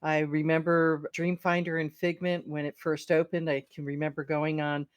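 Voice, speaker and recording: A woman's voice: sits low, level tone, moderate pace, no room sound, studio quality. A middle-aged woman co-hosting a podcast in casual, enthusiastic chat, often restarting words. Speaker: podcast co-host.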